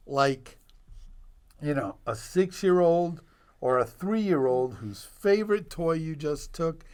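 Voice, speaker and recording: Older male doctor guest, unhurried and lively storyteller, slightly higher-pitched voice. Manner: animated, laughing storyteller with dramatic pauses. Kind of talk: personal storytelling in conversation.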